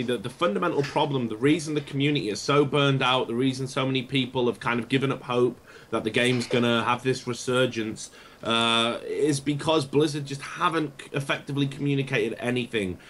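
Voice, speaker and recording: A man's voice: mid-range voice, a bit bright. Opinionated man in a podcast. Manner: opinionated, emphatic, profane, with many restarts. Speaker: guest commentator. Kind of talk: casual podcast discussion.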